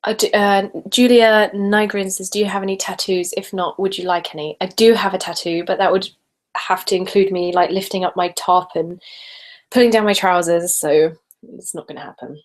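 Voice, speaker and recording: Woman, British, live-stream host, casual chat, reads comments aloud, slips into whispers, mid pitch, close stereo recorder. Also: steady tone, moderate pace. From Britain. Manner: chatty, reads comments aloud, drifts between soft talk and whispers. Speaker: ASMR channel host. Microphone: stereo handheld recorder.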